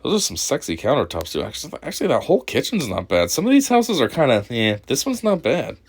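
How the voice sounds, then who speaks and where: Wildly animated mocking male commentator. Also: medium pitch, fast, husky. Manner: crude mocking banter with frequent laughter. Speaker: commentary host. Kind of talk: reaction commentary.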